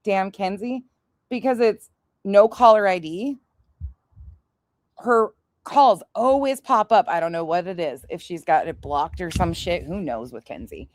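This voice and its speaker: A woman's voice: mid-range voice, expressive, unhurried, darkish tone, dry recording, clean studio sound. A woman hosting a casual livestream, brash and sarcastic, swearing often and laughing at her own stories. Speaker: streamer host. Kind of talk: casual profane livestream chat.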